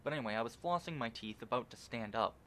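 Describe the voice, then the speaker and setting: A man's voice: mid-range voice, expressive, fast talker, fairly bright tone, slight background noise. A young man casually rambling through gameplay commentary at home, swearing often and restarting sentences with lots of fillers. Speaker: gaming channel host.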